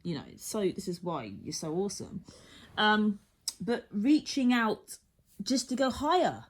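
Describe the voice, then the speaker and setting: A woman's voice: medium pitch, animated, a little slow, husky. A woman giving a tarot card reading in a rambling, musing way, often breaking off mid-sentence and sometimes dropping almost to a whisper. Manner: rambling, musing, self-interrupting. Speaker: tarot reader.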